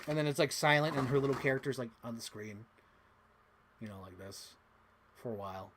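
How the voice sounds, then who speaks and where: A man's medium-pitched voice, fairly quick, with long pauses and a little hiss or hum. A toy collector vlogger chats casually to a live chat while unboxing, rambling with plenty of "like" fillers and slipping into silly voices.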